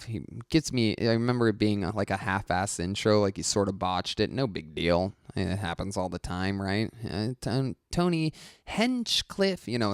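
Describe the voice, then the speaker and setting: A male comedian telling a story as a podcast guest, animated, profane and exasperated. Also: fairly low pitch, clear, resonant tone, no echo, studio quality.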